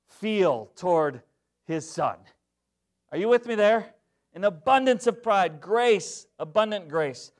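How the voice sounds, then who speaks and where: High-voiced man preaching slowly. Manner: emphatic, call-and-response asides to the congregation. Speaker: pastor. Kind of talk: sermon.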